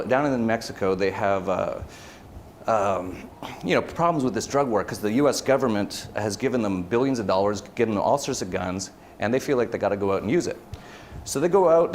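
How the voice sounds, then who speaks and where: A man's voice: mid-range voice, a little hiss or hum. A man giving a casual conference talk, telling anecdotes with lots of fillers and restarts, and laughing as he goes. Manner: animated storytelling with many fillers and restarts. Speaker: conference speaker. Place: event hall.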